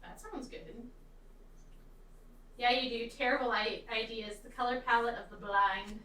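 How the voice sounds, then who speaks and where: Bright-voiced playful woman, echoey room. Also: a little high, steady tone, unhurried. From American South. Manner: playful, teasing banter. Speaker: co-host. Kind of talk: casual chat. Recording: echoey room, distant from mic.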